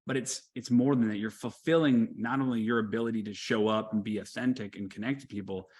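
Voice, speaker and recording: Male host, mid-pitched, thoughtful and affirming, repeats words as he shapes his questions. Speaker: podcast host. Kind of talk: conversational interview questions.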